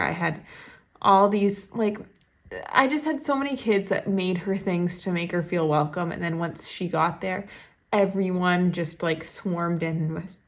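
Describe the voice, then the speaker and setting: A young woman, a third grade teacher, chatting at home into a phone held up in front of her, gushing and full of "like"s and little laughs. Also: lowish voice. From Maine, USA. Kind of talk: casual vlog chat to camera. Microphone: phone held up to the face.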